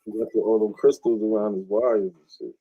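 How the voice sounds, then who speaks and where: A man's voice: fairly low pitch, fairly even intonation, fairly quick, slightly rough, no room sound, muffled recording. A man on a live online panel, chatting easily in slang. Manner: easygoing slang, laughs often. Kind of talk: casual chat on a live panel.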